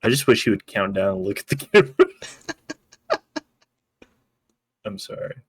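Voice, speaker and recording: A man's voice: on the low side, wildly swooping pitch, unhurried, husky, dry recording. A man co-hosting a podcast, recapping an episode in loose, joking, profane chat. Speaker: podcast co-host.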